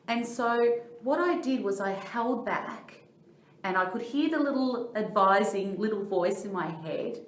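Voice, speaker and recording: Middle-aged Australian woman coach, earnest and explanatory, mid-pitched voice with room echo. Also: lively intonation, a little slow, a little hiss or hum. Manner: earnest, explanatory, tells personal stories. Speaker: life coach and trainer. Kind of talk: training talk. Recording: echoey room.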